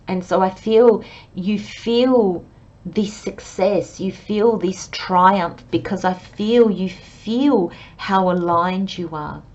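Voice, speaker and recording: A woman giving a pick-a-card tarot reading, speaking gently and reflectively and addressing her viewers as friends. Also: mid-range voice, takes it slowly, dull audio. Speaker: tarot reader.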